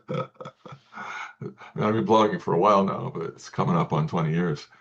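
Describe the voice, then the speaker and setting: A man speaking as an interview guest, talking in halting sentences with many restarts and repeated words. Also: low-pitched, creaky, a bit bright, muffled recording. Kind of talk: casual interview talk.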